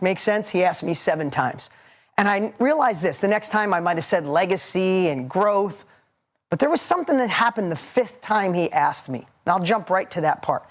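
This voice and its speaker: A man's voice: high voice, lively intonation, normal speed. A man in his forties giving a motivational seminar talk, punchy and emphatic, hammering points with repetition. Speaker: motivational speaker.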